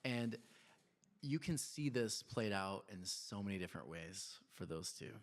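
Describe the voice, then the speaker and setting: A man in his thirties preaching a sermon in a church, telling family stories in a conversational, animated way with laughs and quiet asides. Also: lowish voice, a little slow. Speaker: pastor.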